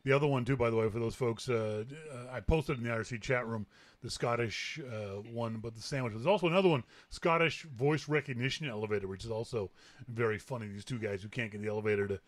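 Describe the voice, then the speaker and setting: A man's voice: medium pitch, quick pace. Chatty man hosting a tech show. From Canada. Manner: chatty, laughs easily, frequent restarts. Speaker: podcast host. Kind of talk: casual tech chat.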